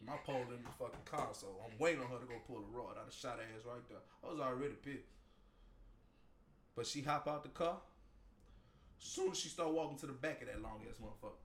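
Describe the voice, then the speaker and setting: A man telling a story in casual, profane chat, loud and animated, breaking into laughter. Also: medium pitch, quick pace. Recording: roomy echo.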